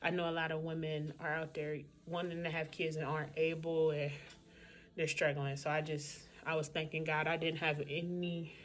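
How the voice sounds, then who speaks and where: A woman's voice: low voice, little pitch movement, moderate pace. A woman vlogging in a casual, candid chat, talking straight to her viewers.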